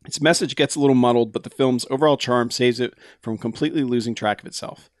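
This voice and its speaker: A man's voice: medium pitch, fast, dry recording, clean studio sound. A man co-hosting a podcast, reading a listener's email aloud in a casual, laughing way. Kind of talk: casual chat.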